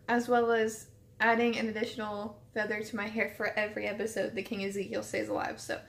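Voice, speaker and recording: Excitable woman reacting in a roomy echo. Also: on the high side. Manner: excitable, gushing, squeals and laughs at the screen. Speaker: reaction video host. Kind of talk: casual reaction vlog. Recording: roomy echo with show audio behind. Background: TV show audio and music.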